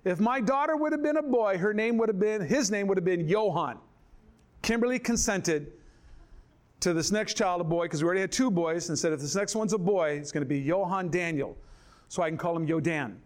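An older pastor preaches a sermon built around storytelling, narrating with animation and acting out other people's voices. When he reaches scripture, he drops low and slow.

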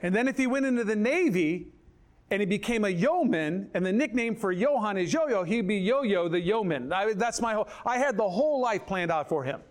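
An older man preaching a sermon, telling stories in animated fashion, acting out other people's voices and dropping low and slow for scripture. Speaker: pastor. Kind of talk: sermon with storytelling.

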